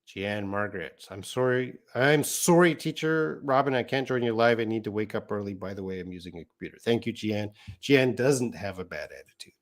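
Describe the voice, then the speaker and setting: A man's voice: on the low side, fairly quick, few pauses. A man teaching an English lesson on a live stream, reading out viewer comments and explaining patiently.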